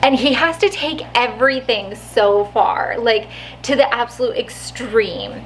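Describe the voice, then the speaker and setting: A woman's voice: fairly high pitch, a little slow, slight background noise, low-quality recording. A woman vlogger telling a story in a chatty way, laughing often and saying "like" a lot. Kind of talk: casual storytelling vlog.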